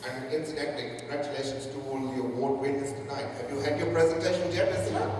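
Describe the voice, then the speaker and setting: A man's voice: medium pitch, fairly even intonation, fast. A man doing a stand-up routine at a work function, telling crude stories with brash punchlines. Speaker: comedian. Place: large function hall at a work event. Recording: echoey hall from far off. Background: audience laughter and room noise.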